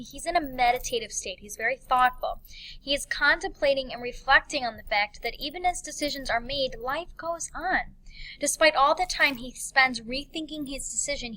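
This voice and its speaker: Woman teacher, young adult, bright clear voice, fairly high, explanatory with frequent fillers. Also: rough recording. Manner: explanatory, with many fillers and restarts. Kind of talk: recorded classroom lesson.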